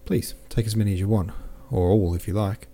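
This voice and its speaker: A man voicing an eager, shy teenage boy soldier in an audiobook, reading his lines a little higher and more earnestly. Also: steady tone, brisk, creaky, dark tone.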